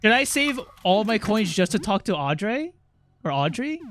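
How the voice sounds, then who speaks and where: A young man streaming a video game, chatting casually, swearing, getting excited and reading the game's text aloud. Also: high-pitched, normal speed, slight background noise. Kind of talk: casual gameplay commentary.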